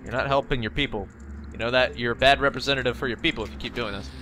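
A young let's play gamer fires off commentary rapidly in a medium-pitched, fairly even voice that's bright and forceful, with slight background noise. Casual and jokey, he argues with the game and swears occasionally, recorded on a facecam desk mic over game music.

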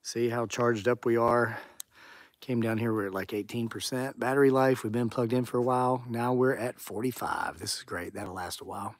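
A man's voice: medium pitch, steady tone, normal speed, no echo, clean studio sound. A man hosting a live stream outdoors at dusk, chatting casually and reading viewer comments aloud. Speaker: channel host on a live stream. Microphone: phone or camera on a tripod.

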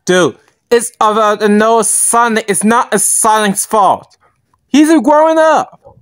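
A woman voicing a rude, foul-mouthed character who shouts crude demands in a fan-made video. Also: fairly high pitch, takes it slowly, dry recording, clean studio sound. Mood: scolding. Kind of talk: fan plush-toy video acting.

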